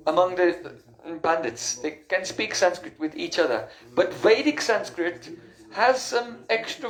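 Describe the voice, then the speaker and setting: A man's voice: high-pitched, a bit bright, echoey room, poor audio. A man giving a patient, explanatory spiritual lecture on scripture, sometimes stopping to recall a term.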